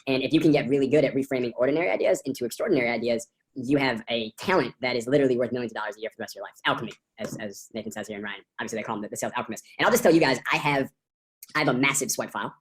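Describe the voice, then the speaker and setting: A woman's voice: rumbling low, very fast. A woman co-hosting a course, teaching in an enthusiastic, rambling way over a video call, with many fillers and restarts. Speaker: course co-host. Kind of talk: casual teaching talk.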